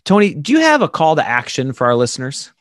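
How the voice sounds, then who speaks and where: A man's voice: a little high, huge pitch swings, fast, no echo, clean studio sound. A man hosting a podcast interview, talking in a conversational, reflective way with frequent restarts. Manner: conversational, warmly reflective, repeats words. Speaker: podcast host.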